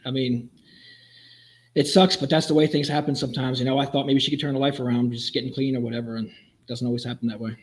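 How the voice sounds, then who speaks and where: A middle-aged man, a police officer guest on a podcast, telling a story fast and animatedly, acting out the lines he quotes. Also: mid-range voice, level tone.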